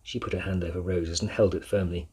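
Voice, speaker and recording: Deep, husky male storyteller. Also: fairly even intonation, fast talker, a little mellow. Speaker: narrator. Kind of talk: audiobook narration.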